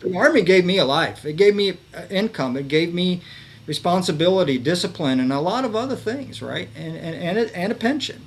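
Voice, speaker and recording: Guy in his 50s rambling thru a story, lots of you know like, voice a bit on the high side. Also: lively intonation, a little fast, breathy edge. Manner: rambling, many fillers and restarts. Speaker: podcast guest, veterans advocate. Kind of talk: casual conversational storytelling.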